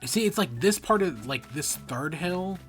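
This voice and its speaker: Give me a chatty male streamer with a lively up-and-down voice, faint music underneath. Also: a little high, a little slow. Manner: rambling, self-correcting chatter. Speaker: game streamer. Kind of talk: casual gameplay commentary.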